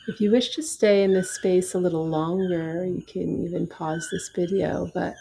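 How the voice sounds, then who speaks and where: A woman with a low, gravelly and mellow voice leads a guided breathing meditation. She speaks slowly and softly, leaving long, calm pauses between her instructions. The faint background ambience stays steady under her voice. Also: slight background noise. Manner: slow, soft, calm guiding voice with long pauses. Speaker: yoga and breathwork teacher.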